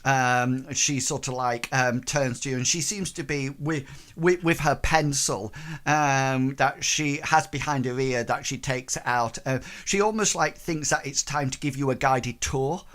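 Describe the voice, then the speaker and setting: A man narrating a tabletop game as game master, in a halting, hesitant way with many pauses and restarts. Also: mid-range voice, a bit bright.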